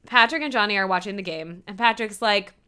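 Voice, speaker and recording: A woman co-hosting a casual chat, animatedly retelling a TV episode and quoting the characters in quick put-on voices. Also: medium pitch, pushed and bright, clear, resonant tone. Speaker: podcast co-host recapping a TV episode.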